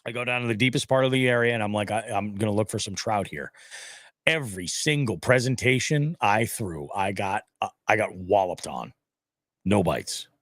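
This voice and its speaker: A man's voice: fairly low pitch, brisk, no room sound. Brief: male podcast host, loose profane storyteller, dry room. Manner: animated storytelling, heavy swearing. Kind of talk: casual profane chat.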